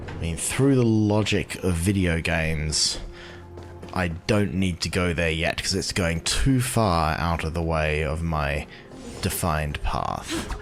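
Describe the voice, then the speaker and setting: A man giving casual gameplay commentary as a video host, thinking aloud in a musing, drawn-out way. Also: deep voice, soft background music.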